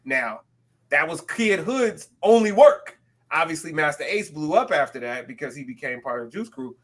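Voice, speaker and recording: A man from the West Coast of the US co-hosting a podcast in casual chat, talking animatedly with quick self-aware asides. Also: on the high side, lively intonation. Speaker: podcast co-host.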